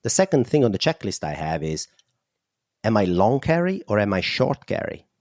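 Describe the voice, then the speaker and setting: A man's voice: lowish voice, big pitch swings, normal speed, darkish tone, no echo, studio quality. A man with an Italian accent, a guest analyst explaining markets in an interview, thinking aloud with fillers.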